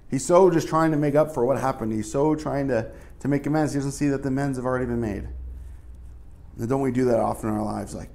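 A man's voice: mid-range voice, quick pace, a little mellow. A male pastor giving a casual, conversational sermon, full of asides and fillers.

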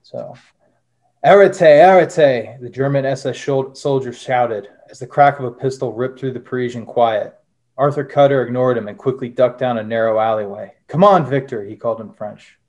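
A young adult man talking about his own novel in a relaxed, filler-heavy way. His voice sits at an ordinary male pitch, and he also reads his prose aloud in a steady narration. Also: brisk. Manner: casual, many "uh" fillers. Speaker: author, former Marine. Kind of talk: interview answers and reading from his novel.

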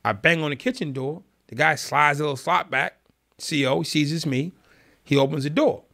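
A man calmly and vividly telling a story in an interview, in a streetwise manner. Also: on the high side, normal speed, vocal fry. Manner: calm, streetwise, vivid retelling. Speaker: guest.

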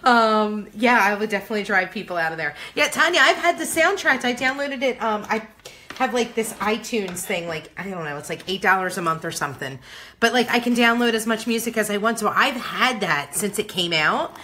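A woman's voice: mid-range voice, animated, brisk, pushed and bright. A woman hosting a crafting livestream, chatting casually and greeting viewers by name in a bubbly, talkative way.

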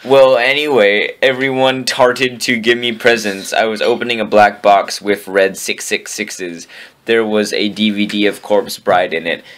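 Slow, weary man reading deadpan. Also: on the low side. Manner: weary, incredulous remarks. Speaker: comedic reader.

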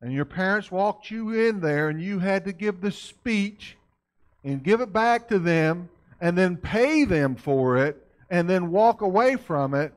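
Folksy higher-voiced man lecturing a congregation. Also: animated, a little slow. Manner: folksy, keeps asking the audience questions. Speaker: church lecturer. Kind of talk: conversational church lecture.

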